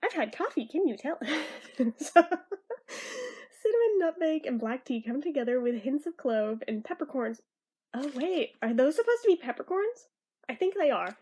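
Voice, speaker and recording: A woman's voice: high-pitched, very animated, moderate pace, a little mellow. A woman with a stuffy nose chatting through a casual product review, bubbly and easily sidetracked.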